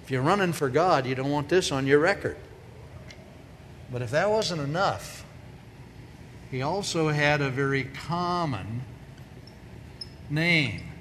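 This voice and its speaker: A woman giving a humorous sermon in a large hall, telling stories in a lively way and acting out the voices she quotes. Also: low-pitched, slow pace, pauses often. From grew up on a farm. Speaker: speaker, preacher. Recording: long hall reverb, faint noise.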